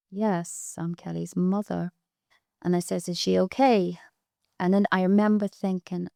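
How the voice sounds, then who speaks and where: Low, gravelly Irish woman telling her story. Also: warm tone, dry recording, clean studio sound. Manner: recounting events with quoted dialogue, raw and urgent at times. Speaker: interview guest. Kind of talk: emotional personal account.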